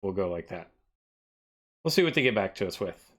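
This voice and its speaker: A man chatting casually on a live stream, thinking aloud and often trailing off into quieter mumbles as he reads from his screen. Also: sits low, very animated, brisk.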